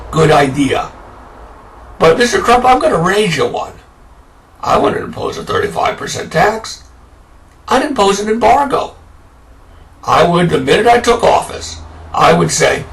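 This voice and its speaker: Fired-up guy ranting about politics, gravelly voice, sounds a bit far from the mic. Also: sits high, animated, moderate pace, fairly bright tone, a little hiss or hum. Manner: angry, indignant, sarcastic. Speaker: political commentator.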